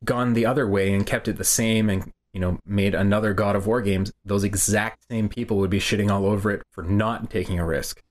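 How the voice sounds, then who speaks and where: A man's voice: lowish voice, fairly even intonation, brisk, few pauses, slight background noise. A man who reviews games, co-hosting a podcast in casual chat, with dry, matter-of-fact and blunt opinions. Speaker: game reviewer and podcast co-host.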